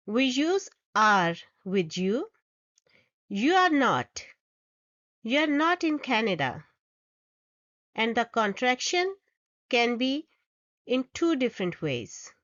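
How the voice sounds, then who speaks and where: Slow, animated woman teaching grammar. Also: on the high side, no echo, lo-fi sound. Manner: reads example sentences aloud, explaining each step patiently. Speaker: English teacher. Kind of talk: slow, deliberate grammar lesson.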